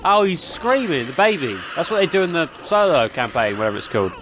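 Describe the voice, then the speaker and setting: A man's voice: on the high side, big pitch swings, fairly quick, hardly any pauses, noisy background. A young man giving jumpy, exclaiming commentary while playing a horror game and talking to its characters. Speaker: gaming YouTuber.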